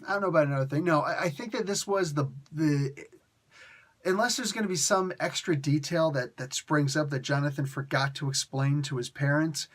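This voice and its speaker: A man's voice: fairly high pitch, brisk. A man giving a casual spoken comic book review, ranting and sarcastic, exasperated with the story.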